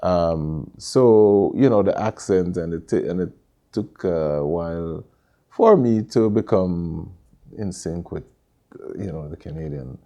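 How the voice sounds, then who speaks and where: A middle-aged man with a Jamaican accent, telling stories in a relaxed interview with many fillers and restarts. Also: low-pitched, takes it slowly. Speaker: interview guest, Caribbean store owner. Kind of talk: casual conversational interview.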